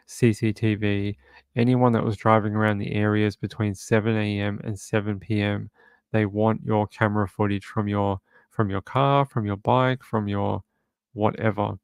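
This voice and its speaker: A man's voice: lowish voice, clean tone, no echo. A man hosting a true crime livestream from home, chatting casually and reading viewer comments aloud.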